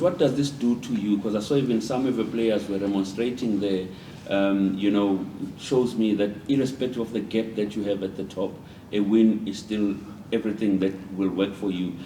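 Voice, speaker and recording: A man's voice: lowish voice, fairly even intonation, moderate pace, dark tone, roomy sound, slight background noise. A man, a reporter asking a hesitant question at a press conference, recorded from a distance.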